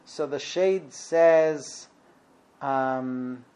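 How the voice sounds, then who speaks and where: A man teaching a class, retelling a Talmud story in a halting way, with many ums and self-corrections, and growing lively when he quotes the figures. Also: mid-range voice.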